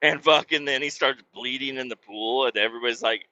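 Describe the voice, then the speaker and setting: A man's voice: medium pitch, brisk, hardly any pauses, highs cut off. A man in his thirties, hosting a podcast, telling rambling stories with plenty of swearing. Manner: profane, rambling and animated. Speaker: podcast host. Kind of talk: casual storytelling chat.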